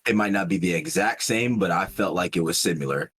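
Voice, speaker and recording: A man's voice: low-pitched, fairly quick, a bit bright, husky. Guy on a chill podcast, lots of restarts and slang, kinda loose delivery. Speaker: podcast co-host. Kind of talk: casual chat.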